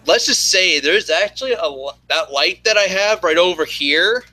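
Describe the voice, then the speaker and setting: A man's voice: high voice, lively intonation, normal speed, pushed and bright, no room sound, low-quality recording. A young man hosting a casual live stream from his apartment, rambling and joking with many fillers. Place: home apartment.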